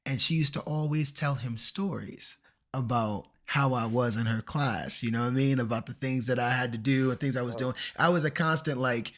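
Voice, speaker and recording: A man streaming a game, chatting casually and acting out the people in his stories in an animated way. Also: medium pitch, a little fast. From Washington, DC area. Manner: animated, acts out quoted people. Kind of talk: casual storytelling while gaming.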